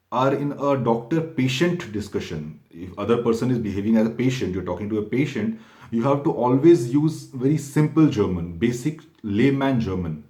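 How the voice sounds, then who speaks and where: A man giving an informal, step-by-step explainer talk to viewers, halting often and correcting himself as he goes. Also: mid-range voice, warm tone. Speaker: exam prep channel host. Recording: echoey room.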